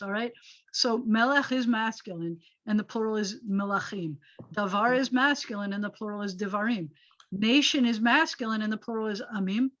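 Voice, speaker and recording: A woman rabbi teaching a Hebrew grammar class online, explaining patiently and getting animated when she makes a point. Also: on the high side. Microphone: video call. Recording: dull lo-fi video call audio.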